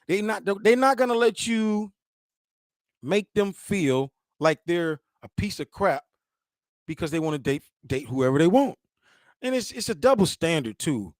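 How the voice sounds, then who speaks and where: Animated high-voiced man commentating. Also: no room sound, studio quality. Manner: animated, laughing, repeating himself, mimicking voices. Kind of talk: casual commentary.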